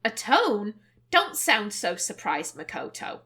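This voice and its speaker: A woman reading the lines of a reserved teenage girl detective from a game, in a calm, measured way. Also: medium pitch, pitched below the performer's own voice, heavily acted. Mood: cool.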